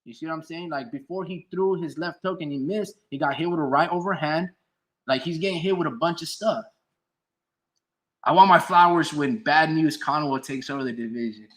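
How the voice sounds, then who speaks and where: A man's voice: fairly high pitch, moderate pace, fairly bright tone. A man giving casual, profane boxing commentary on a stream, reading out chat comments and arguing back at them. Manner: heated, profane, argues with chat; reads chat comments aloud and answers them.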